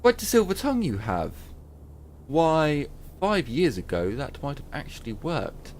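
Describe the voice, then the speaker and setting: A man's voice: fairly high pitch, sing-song, a little slow, pitched above the performer's own voice. A man voicing a shrewd woman trading mushrooms, reading game dialogue aloud in a slightly raised voice. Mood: wry.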